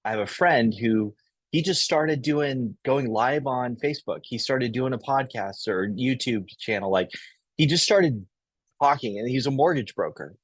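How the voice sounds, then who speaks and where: A man hosts a business interview and talks in a relaxed, conversational way. His voice is a little husky. The recording is dry, with no room echo. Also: mid-range voice, a little slow. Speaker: host.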